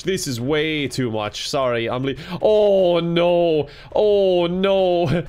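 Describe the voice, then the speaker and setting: A man's voice: on the high side, slight background noise. An Irish man commentating a video game with sarcastic jokes and frequent laughter. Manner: sarcastic, jokey, laughs a lot. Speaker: gaming YouTuber.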